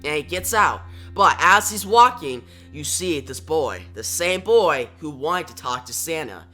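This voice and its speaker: Bright-voiced man retelling a comic. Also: a little high, lively intonation, measured pace, faint music behind. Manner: retells plot in plain present tense, reads all dialogue himself. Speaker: comic book recap narrator. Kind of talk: casual story recap.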